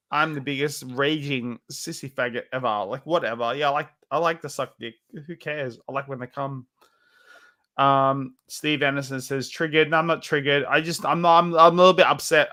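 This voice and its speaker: A man's voice: fairly high pitch, fairly even intonation, normal speed, sharp tone. A drunk man with hiccups, rambling on a livestream while reading the chat, swinging between insults and self-pity. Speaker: livestream co-host.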